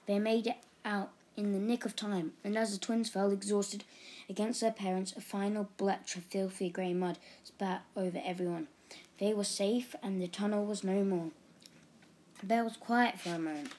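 A woman reading a children's book aloud in a steady, expressive storytelling manner. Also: medium pitch, normal speed. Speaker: reader.

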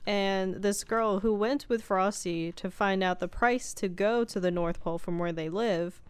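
A woman's voice: medium pitch, a little slow, clean tone, dry recording. A woman co-hosting a podcast, chatting casually and recapping a movie, laughing often as she acts out quotes. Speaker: podcast co-host.

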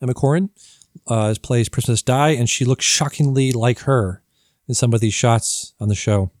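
A man co-hosting a podcast, explaining things in relaxed chat with many fillers. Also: mid-range voice, normal speed, no room sound, studio quality. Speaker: podcast co-host. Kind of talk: casual chat.

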